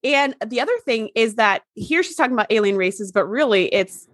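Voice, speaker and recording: A woman co-hosting a podcast in relaxed, casual chat, laughing easily. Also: on the high side, brisk, no room sound, clean studio sound. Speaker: podcast co-host.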